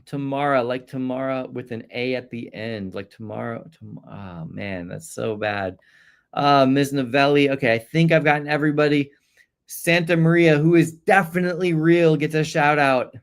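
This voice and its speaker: A man hosting a casual live-stream exam review, chatting, rattling off viewer shout-outs and stumbling over names with quick apologies. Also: medium pitch, steady tone, gravelly, clear, resonant tone.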